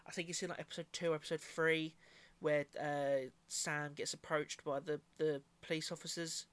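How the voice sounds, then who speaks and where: A man's voice: a little high, little pitch movement, moderate pace, a bit bright. A young man co-hosting a casual podcast chat, talking hesitantly with many fillers. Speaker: podcast co-host.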